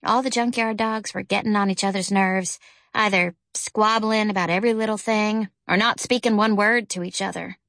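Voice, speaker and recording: A woman narrating a children's novel as an audiobook, with a gentle storytelling manner. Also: fairly even intonation, normal speed, no room sound. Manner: gentle storytelling, lifts pitch for characters' lines. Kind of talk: scripted narration.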